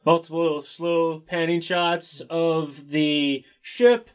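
A man's voice: fairly high pitch, little pitch movement, slow pace, clean tone. A man in a casual panel chat, tossing out suggestions.

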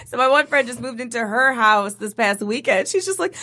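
A woman co-hosting a casual podcast chat, animated and quick to laugh. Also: fairly high pitch, no room sound, studio quality. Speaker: podcast co-host.

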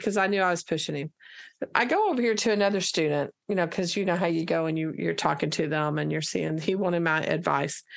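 Gravelly-voiced woman teacher telling a story. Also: fairly low pitch. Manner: lively storyteller who acts out dialogue. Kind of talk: casual anecdote in conversation.

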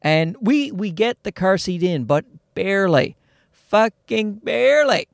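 A man's voice: sits high, lively intonation, a little slow, no echo, studio quality. A man in his thirties hosting a podcast, rambling profanely and doing jokey voices for the people he quotes. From Canada. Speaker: podcast host. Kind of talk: casual comedic monologue. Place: small car-based home studio with air conditioning.

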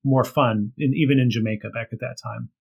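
A man's voice: mid-range voice, steady tone, a little fast, creaky, husky, highs cut off. A man, a guest author, chatting casually and telling a story with frequent laughs and fillers. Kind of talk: casual chat.

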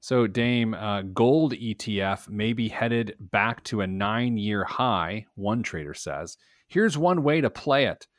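A man's voice: lowish voice, slow pace, no echo, clean studio sound. A man hosting a personal finance show, reading news items with playful emphasis and joking with his co-host. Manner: animated, jokey, reads items with playful emphasis. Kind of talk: casual radio show banter.

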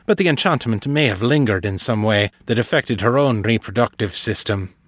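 A man voicing a gruff, curmudgeonly old male wizard with a clipped, grumbling way of talking. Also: lowish voice, animated, normal speed, dry recording, studio quality.

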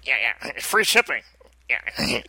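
Bright laughing male podcast co-host. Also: medium pitch, big pitch swings, slow, husky, no echo. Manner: laughing, teasing banter. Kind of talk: casual chat.

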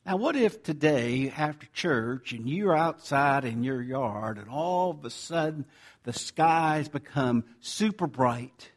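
A man preaching a sermon as pastor, swinging from loud emphasis to hushed asides. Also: medium pitch, takes it slowly. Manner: animated preaching, swinging from loud to near-whisper.

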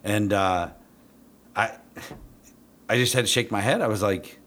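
A middle-aged man, a police dog trainer, talks a little slowly in a voice on the low side. His storytelling is casual, crude, and blunt, punctuated by animated reenactments of his own words.

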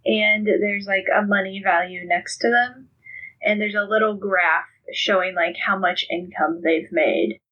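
A woman's voice: mid-range voice, steady tone, unhurried, slightly rough, lo-fi sound. A woman narrating as game master of a tabletop game, describing scenes casually with many ums.

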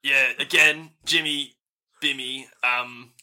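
A man's voice: mid-range voice, fairly even intonation, slow pace, bright, forceful tone. A man voicing a wary male doorkeeper who stammers through rambling questions. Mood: sheepish. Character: gruff male doorkeeper twin, wary guard.

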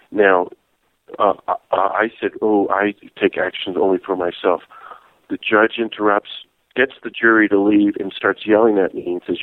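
A man telling a lively story in a casual interview, laughing as he goes. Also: on the low side, moderate pace, no room sound. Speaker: guest, peace activist and priest. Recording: tinny phone-like line.

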